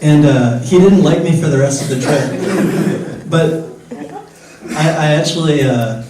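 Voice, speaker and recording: Slow wry man, echoey concert hall. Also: a little high, recorded from a distance, background noise. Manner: slow, wry anecdote with audience laughing. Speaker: singer-songwriter. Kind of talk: storytelling between songs on stage. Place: live concert venue. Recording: very echoey venue recording from afar.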